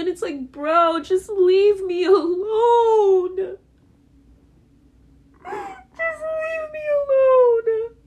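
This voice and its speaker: A woman's voice: extremely high pitch, darkish tone. A young woman on a podcast, venting in a raw, profane, repetitive way about her family. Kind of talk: emotional podcast monologue.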